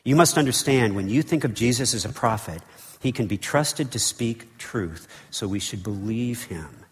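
A man's voice: mid-range voice, lively intonation, moderate pace, big-room sound. A man preaching a sermon as pastor, emphatic, with repeated phrases and casual asides to the congregation. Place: church sanctuary.

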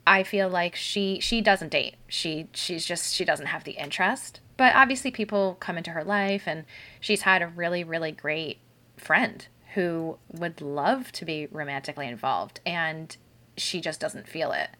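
A woman's voice: fairly low pitch, normal speed, pushed and bright. A woman hosting a casual chat, telling stories in a loose, chatty way with many fillers.

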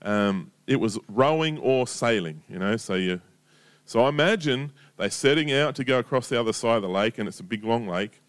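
A man delivers a casual sermon, talking to his listeners like friends. His voice sits at a middling pitch but swings widely and lively as he spins anecdotes and asides. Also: moderate pace, clean tone. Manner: conversational storytelling, lively, chatty asides. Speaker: preacher.

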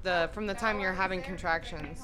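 A woman chatting casually on a podcast, relaxed and talkative. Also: fairly low pitch, fairly quick.

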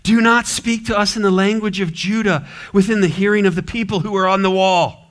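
A man pastor preaching an expository sermon, animated and acting out characters with varied voices. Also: high-pitched, brisk. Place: church sanctuary.

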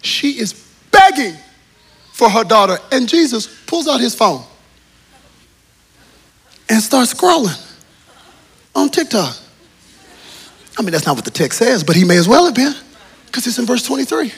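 A middle-aged man preaching a sermon as pastor, telling stories with humor and swinging from hushed tones to shouts. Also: very high voice, big pitch swings, unhurried, pauses often, breathy edge. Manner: humorous, storytelling. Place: large church auditorium.

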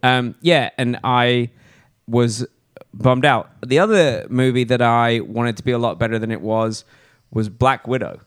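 A man's voice: mid-range voice, a little slow, smooth. A man chatting casually about films, opinionated and rambling with many fillers. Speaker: podcast co-host. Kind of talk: casual movie chat.

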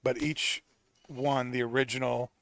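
A man hosting a casual tasting chat, describing flavors in a measured way with plenty of fillers, recorded live in a lounge. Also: medium pitch, flat delivery, a bit bright, dry recording. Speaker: podcast host.

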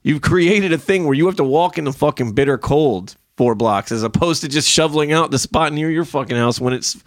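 A man's voice: a little high, brisk, no echo, studio quality. A man in his thirties telling rambling, profane driving stories in a casual podcast chat, ranting as he goes. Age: 30s. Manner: profane, animated storytelling, rants. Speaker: podcast guest.

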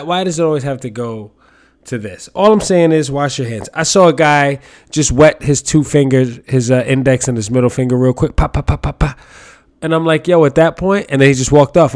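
A man's voice: on the high side, brisk. A young man hosting a solo podcast, rambling casually with jokes and swearing. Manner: rambling, profane, joking. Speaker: podcast host. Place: New York City.

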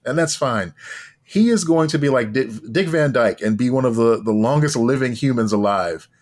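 Wry, swearing male podcast co-host. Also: medium pitch. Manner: wry, profane, drawn-out musing. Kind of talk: casual chat.

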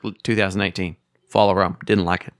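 A man's voice: low-pitched, level tone, fast talker, no room sound. Joking man on a dry mic. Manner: joking, playful banter. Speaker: podcast co-host. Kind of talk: casual chat about board games.

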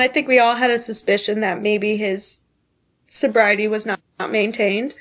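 Young woman telling her story haltingly. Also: medium pitch, fairly even intonation. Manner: halting, full of "um" and "like", earnest. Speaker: podcast guest. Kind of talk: candid personal storytelling.

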